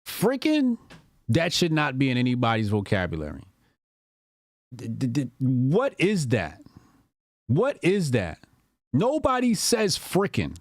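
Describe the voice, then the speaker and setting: A man's voice: medium pitch, big pitch swings, a little slow, long pauses, no room sound, studio quality. A man giving casual, mocking reaction commentary as a streamer, exasperated and profane.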